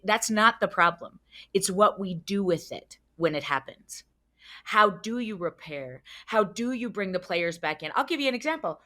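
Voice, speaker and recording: A woman who works as a child psychologist, speaking as a podcast guest and telling stories with frank, expressive energy, swearing freely and acting out scenes. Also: medium pitch, moderate pace. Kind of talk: animated podcast storytelling.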